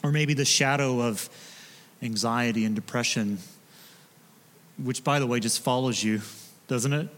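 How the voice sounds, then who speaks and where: A man, a pastor preaching in a relaxed, conversational way with joking asides to his congregation. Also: medium pitch, unhurried, long pauses, in a large hall. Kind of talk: sermon. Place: church sanctuary.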